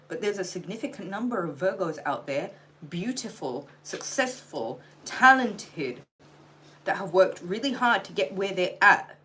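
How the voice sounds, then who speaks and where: A woman's voice: fairly low pitch, bright, forceful tone, slight background noise, rough recording. Blunt, exasperated tarot reader woman. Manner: blunt, exasperated, swearing lecture. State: tired. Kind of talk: livestream tarot reading.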